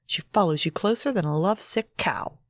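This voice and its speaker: A woman voicing a fearful, harsh wife and mother who speaks in a sharp, scolding way. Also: fairly low pitch, brisk, dry recording, natural voice.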